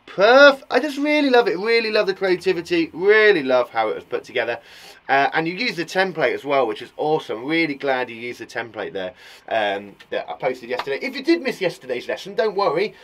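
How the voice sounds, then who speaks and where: An English teacher in his younger years talks to small children, bubbly and animated. His voice sits fairly high and swoops up and down a lot. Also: brisk. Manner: bubbly and animated, reading out kids' work. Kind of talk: lively children's lesson.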